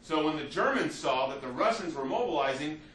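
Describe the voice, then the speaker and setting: A man's voice: fairly high pitch, lively intonation, a little fast, a bit bright, a little hiss or hum. A male history teacher giving a conversational classroom lecture, often checking in with "you see" and "right?" as he talks. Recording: roomy, distant, faint ambience.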